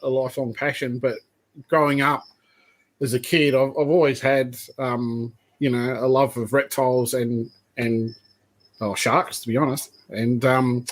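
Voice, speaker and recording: A man's voice: medium pitch, flat delivery, a little slow. A man in his fifties with an Australian accent, a podcast guest rambling through long anecdotes. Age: 50s. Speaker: guest, python breeder. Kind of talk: casual podcast chat.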